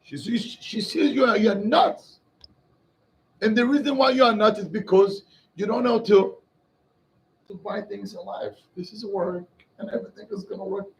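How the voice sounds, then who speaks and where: A rabbi leads an emphatic Torah class for a live group, quizzing his listeners and weaving in Hebrew phrases. His voice sits high with vocal fry at a normal pace, and the audio quality is poor.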